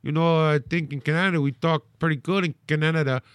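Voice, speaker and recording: A man's voice: fairly high pitch, steady tone, fairly quick, clean tone, no echo, studio quality, close to an everyday voice. A man putting on a joke Canadian voice, drawling and sing-song. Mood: folksy. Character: jokey folksy Canadian man, easygoing.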